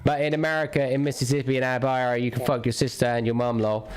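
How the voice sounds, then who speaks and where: A man's voice: medium pitch, little pitch movement, fast, soft background music. A man streaming a game, ranting crudely and jokingly in a rambling, casual chat. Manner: rambling, crude, jokey rants.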